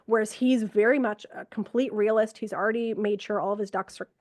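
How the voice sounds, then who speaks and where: A middle-aged woman, an ER nurse from Canada, telling stories from work in a lively conversational way, acting out what she and others said. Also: mid-range voice, fairly quick, no room sound, studio quality. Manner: animated, quotes herself and others, frequent fillers. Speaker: ER nurse, podcast guest. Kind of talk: conversational storytelling.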